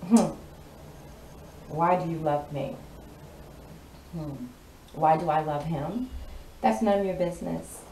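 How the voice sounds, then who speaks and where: A woman's voice: low voice, takes it slowly, long pauses, dark tone. A woman giving a casual tarot reading, sassy and playful as she talks straight to her viewers. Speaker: tarot card reader. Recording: roomy echo, distant mic, audible noise.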